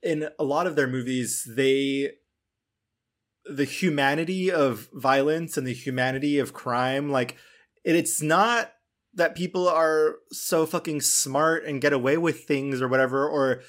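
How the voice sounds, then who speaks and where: A film podcast host with a fairly high, fairly bright voice speaks a little slowly in casual chat. He rambles, using fillers, restarting sentences and swearing casually.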